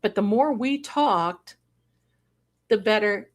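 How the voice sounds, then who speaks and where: A woman's voice: mid-range voice, expressive, a little slow, fairly bright tone. A middle-aged woman hosting a casual live stream, chatting with viewers in a rambling way and breaking into song and laughter. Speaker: livestream host.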